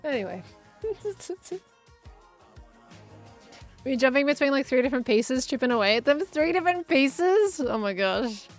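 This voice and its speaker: A woman's voice: high-pitched, expressive, moderate pace, long pauses, soft background music. A young adult woman streaming a game, chatting in a rambling, giggly way as she plays. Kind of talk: rambling live gameplay chat.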